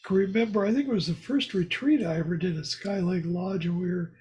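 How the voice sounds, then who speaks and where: A man's voice: sits high, fairly quick, darkish tone, slight background noise. A man telling a story in a casual group discussion over a video call, rambling and laughing as he talks. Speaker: course participant.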